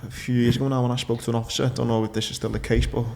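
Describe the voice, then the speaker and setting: A man's voice: medium pitch, level tone, rapid-fire, creaky, darkish tone. A man hosting a podcast, chatting casually in a matey way and swearing now and then. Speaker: podcast host. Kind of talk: casual chat.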